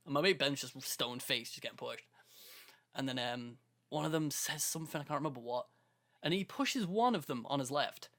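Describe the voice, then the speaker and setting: A young adult co-host on a podcast, he has a mid-range voice with lively intonation, a slightly bright tone, and a normal pace. He tells a story conversationally, voicing quotes and laughing often.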